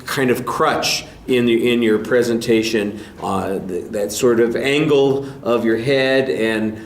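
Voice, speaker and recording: A male speech instructor giving candid, measured spoken feedback to a student in a classroom. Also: mid-range voice, fairly even intonation. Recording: echoey room, faint hum.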